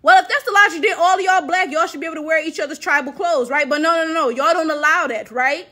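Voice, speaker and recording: A woman's voice: very high-pitched, fast, pushed and bright. A woman giving a sarcastic, exasperated commentary rant as a vlogger, with many rhetorical checks. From United States.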